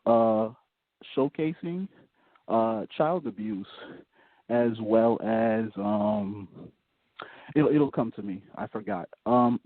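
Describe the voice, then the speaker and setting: A man's voice: lowish voice, no echo. A man calling in to a radio show, reading a prepared topic with some hesitation. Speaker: caller. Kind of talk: call-in radio talk. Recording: dry tinny phone line.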